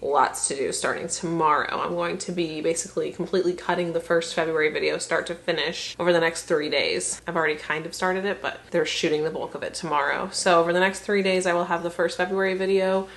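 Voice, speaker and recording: A woman's voice: on the low side, steady tone, fast talker, hardly any pauses, fairly bright tone. A pregnant young woman vlogging casually, rambling and chatty, swearing here and there. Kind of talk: casual vlog chat.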